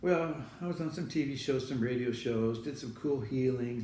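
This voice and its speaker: A man's voice: medium pitch, moderate pace, mellow, a little hiss or hum. A man hosting a studio show, telling a rambling personal anecdote to camera and correcting himself as he goes. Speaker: host telling a personal story. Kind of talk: casual storytelling to camera. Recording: echoey room, far from the mic.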